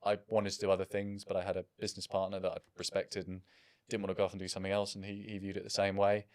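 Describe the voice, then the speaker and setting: A man's voice: low-pitched, completely flat delivery, rapid-fire, a little mellow, no room sound, clean studio sound. A man in his thirties, a business founder, talking in a casual interview in a reflective, self-deprecating way.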